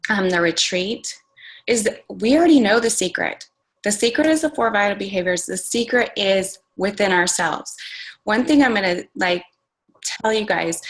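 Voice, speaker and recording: Over a conference call, a woman who works as a fitness coach shares takeaways with a group in a casual motivational talk. Her medium-pitched voice comes through a rough recording, and she speaks earnestly and informally, full of "like" and "you guys".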